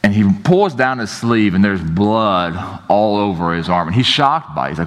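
A man's voice: fairly low pitch, lively intonation, a little fast, hardly any pauses, fairly bright tone. A man preaching a sermon as pastor, telling stories in a casual, joking way and often saying "you know, like". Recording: long hall reverb.

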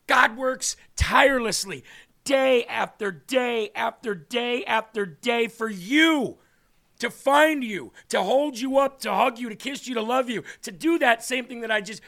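A man's voice: very high-pitched, creaky, bright, forceful tone. A man hosting a faith talk show, preaching earnestly and emphatically and repeating phrases for effect.

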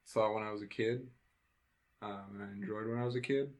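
Calm, low-voiced podcast man. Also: brisk. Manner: calm, matter-of-fact corrections. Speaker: podcast co-host. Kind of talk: casual movie discussion.

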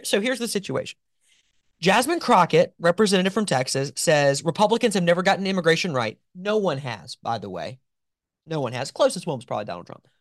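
A man hosts a political commentary show, talking with sarcastic, animated emphasis and mocking asides. His pitch swings widely as he argues. The sound is dry and close. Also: no room sound.

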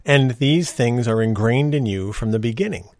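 A man's voice: mid-range voice, moderate pace, darkish tone, no echo. A middle-aged man hosting a podcast, talking casually in an earnest, ranting way, on a close podcast mic. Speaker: podcast host. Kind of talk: casual monologue.

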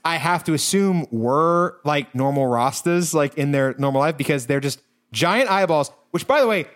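A man with a slightly high voice recaps a movie on a podcast. He rambles and swears, filling every gap with "uh" and "like". The talk is casual and chatty. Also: expressive, normal speed, fairly bright tone. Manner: rambling, profane, many fillers and restarts. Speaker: podcast co-host.

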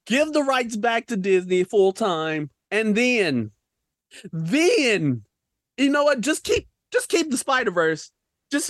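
A young male podcast co-host rants animatedly about films in a casual review, full of slang and rhetorical questions. His voice is slightly high and fairly bright, recorded cleanly in a studio with no room sound.

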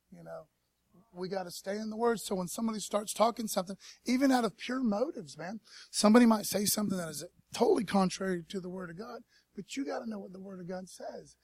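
A pastor preaching a casual sermon at a church service, in a laid-back, slangy way and calling on the congregation to respond. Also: male voice, high voice, brisk, a little mellow, slightly rough, dry recording. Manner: laid-back slangy preaching, peppered with "man" and "you know what I mean"; calls for audience response.

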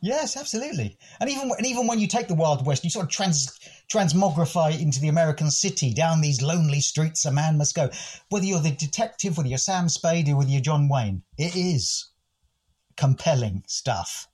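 Older man from the UK, a guest who muses thoughtfully, with a slightly husky voice. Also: fairly high pitch, expressive, fairly quick, darkish tone. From United Kingdom. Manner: thoughtful, literary, musing. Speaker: guest, philosophy podcast host. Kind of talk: reflective interview talk.

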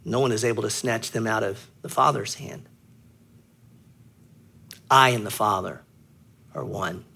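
A man preaching a sermon as a pastor, teaching earnestly, clearing his throat often and pressing hard on key words. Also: lowish voice, a little slow, pushed and bright.

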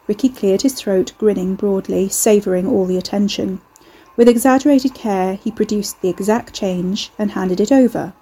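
Mellow, husky woman narrating. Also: mid-range voice, normal speed. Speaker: audiobook narrator. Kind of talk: storybook narration.

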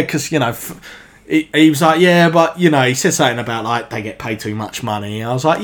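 A man recounts wild anecdotes as a podcast guest. His voice sits at an ordinary middle pitch but leaps up and down as he gets carried away. He curses freely and laughs through his stories. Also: animated, normal speed. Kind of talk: casual anecdote telling.

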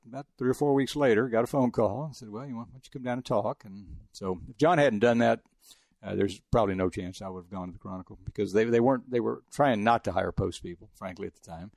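Fast-talking gravelly older man. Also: on the low side, darkish tone, dry recording, studio quality. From El Paso, Texas. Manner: rambling, chatty, frequent restarts. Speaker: veteran sportswriter guest. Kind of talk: casual storytelling interview.

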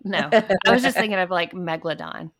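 A woman from North Carolina co-hosts a casual podcast, her voice somewhat low and gravelly. She drops in quick, teasing jokes, and the recording sounds dry and close. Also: a bit bright, no echo. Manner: teasing, quick joking interjections. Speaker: podcast co-host. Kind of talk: casual chat.

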